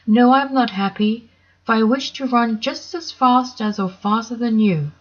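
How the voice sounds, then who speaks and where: A woman's voice: fairly high pitch, moderate pace, muffled recording, voice pushed up, close to an everyday voice. A woman voicing a vain male lion king who is never satisfied, wistful and pleading.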